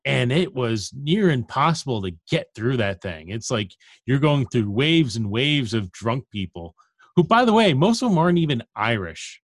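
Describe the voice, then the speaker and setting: Relaxed male podcast co-host, mid-range voice, measured delivery, dry close sound. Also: mid-range voice, no room sound. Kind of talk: casual conversation.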